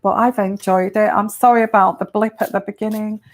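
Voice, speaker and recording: A woman from the United Kingdom, a tarot reader, talking casually to viewers and giving advice in a slow, hesitant way with many fillers. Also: mid-range voice, steady tone.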